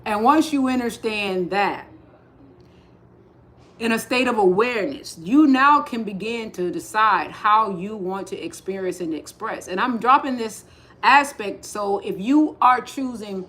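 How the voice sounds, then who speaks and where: A woman giving a slow, repetitive spiritual talk on a livestream, speaking with emphatic insistence. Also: medium pitch, animated. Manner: rising to forceful insistence. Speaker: spiritual teacher.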